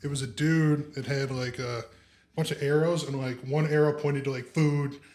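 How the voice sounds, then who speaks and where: A man's voice: on the high side, steady tone, normal speed, a little mellow. A man who is a guest on a podcast, chatting casually and throwing in teasing jokes. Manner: joking, teasing. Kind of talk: casual chat.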